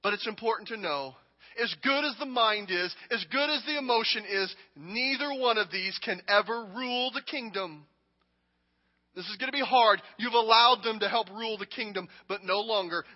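A man preaching a sermon and acting out a king speaking, dramatic and emphatic, moving between hushed lines and shouting. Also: high-pitched, moderate pace. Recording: long hall reverb, dull audio.

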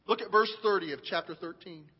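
A man preaching a sermon to his church, reading scripture with animated, dramatic swings in loudness. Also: high voice, a little fast, slightly rough. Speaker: pastor. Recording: dull sound with long hall reverb.

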